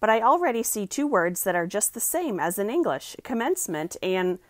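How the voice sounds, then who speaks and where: A woman's voice: mid-range voice, sing-song, fairly quick, no echo, lightly acted. Woman voicing an earnest young storybook navigator, plain, dry close sound.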